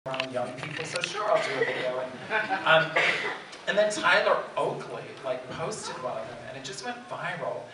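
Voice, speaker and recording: Man, 50s, Bronx accent, animated self-mocking storyteller, noisy convention hall. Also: on the high side, normal speed, pauses often. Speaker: drag performer, panel guest. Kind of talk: comic storytelling on a convention panel. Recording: echoey hall from far off, background noise.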